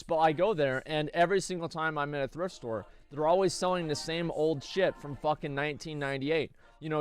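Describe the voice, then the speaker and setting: An American man telling a long story on stream, rambling and swearing with many fillers. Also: on the high side. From United States. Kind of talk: casual storytelling.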